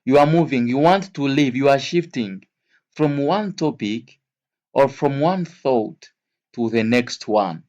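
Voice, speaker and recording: A man teaching English vocabulary to learners, speaking slowly and repeating each word and example several times. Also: mid-range voice, darkish tone, muffled recording. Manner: slow, repeats words and examples.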